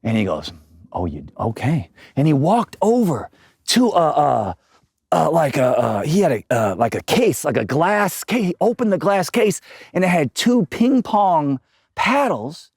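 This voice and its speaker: A man with a high, very lively voice tells comedic stories as a guest in a chat. He is animated, laughs often, and acts out the people he quotes. The sound is close and dry. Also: unhurried, gravelly, slightly rough, no room sound. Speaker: guest musician. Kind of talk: comedic storytelling in casual chat.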